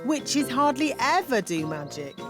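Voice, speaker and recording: A bossy, fussy fairy nanny in a children's cartoon. She chats along in a breezy, matter-of-fact way with a bright, lively, bouncing voice. Soft music plays behind her. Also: fairly high pitch, unhurried. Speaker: nanny to the princesses.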